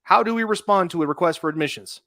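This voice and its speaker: A man hosting a casual podcast talk about a legal case, animated and laughing often, with many restarts. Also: sits high, fast, no room sound, studio quality. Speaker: podcast host.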